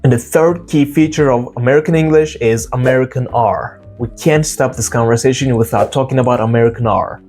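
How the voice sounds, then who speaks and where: A man's voice: mid-range voice, a little mellow, soft background music. Man teaching pronunciation, repeating words. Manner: demonstrates sounds by repeating words slowly. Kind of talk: casual explanatory lesson.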